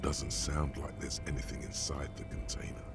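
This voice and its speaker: A man voicing a detached male narrator in a video game, in measured, descriptive scripted narration. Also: rumbling low, level tone, vocal fry. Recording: game audio with music underneath.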